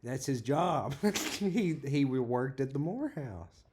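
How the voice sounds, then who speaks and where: A man's voice: medium pitch, expressive, takes it slowly, background noise. A man co-hosting a casual podcast, joking around and teasing his co-host, and sometimes reading a passage aloud. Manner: jokey, teases his co-host.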